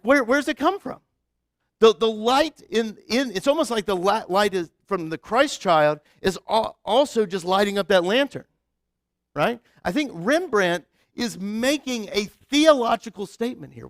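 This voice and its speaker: A man preaching a relaxed, conversational sermon with a fairly high voice. He talks in a chatty way, full of "like" and quick restarts. The sound is close and dry. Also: dry recording. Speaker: pastor.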